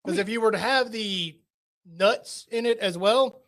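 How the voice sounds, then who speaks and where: High-voiced drawling male co-host. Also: unhurried, fairly bright tone. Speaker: podcast co-host. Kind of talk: casual sports show chat.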